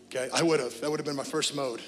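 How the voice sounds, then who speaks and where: A man preaching a sermon as pastor, telling lively stories and then leading a quiet prayer and altar call in a church. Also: medium pitch, quick pace, in a large hall, faint music behind. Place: church sanctuary.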